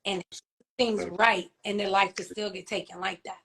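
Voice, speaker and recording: A woman speaking as an interview guest, telling of personal loss in a halting, heartfelt way, often pausing and asking whether she is understood. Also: medium pitch, fairly even intonation, vocal fry, fairly bright tone, a little hiss or hum. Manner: halting, heartfelt, many fillers and restarts, often asks "you know what I mean?". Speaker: interview guest, grieving mother and author. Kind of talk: emotional personal testimony in an interview.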